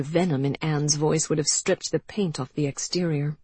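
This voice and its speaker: A woman reading an audiobook in an even, measured storytelling manner. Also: low-pitched, husky, no echo. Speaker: audiobook narrator. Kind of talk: scripted narration.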